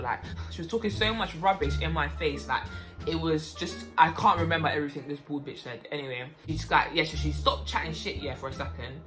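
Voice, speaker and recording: A young woman telling a story about her waitressing job in a casual, animated way, breaking into loud, high-pitched outbursts. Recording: music playing behind.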